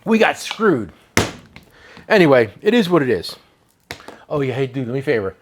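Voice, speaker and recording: A man's voice: mid-range voice, big pitch swings, moderate pace. A man hosting a casual tool shop chat, rambling and joking at his own expense. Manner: rambling, joking, self-mocking. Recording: noisy shop recording.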